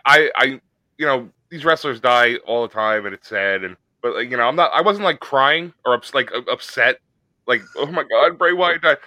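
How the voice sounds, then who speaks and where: A man's voice: mid-range voice, moderate pace, sharp tone, no echo. A man co-hosting a podcast, talking bluntly and swearing freely. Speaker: podcast co-host. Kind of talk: casual podcast chat.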